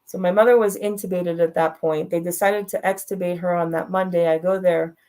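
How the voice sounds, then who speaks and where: A woman's voice: lowish voice, steady tone, fairly quick, darkish tone. A middle-aged woman telling a personal story as a talk show guest, frank and direct, laughing now and then through hard moments.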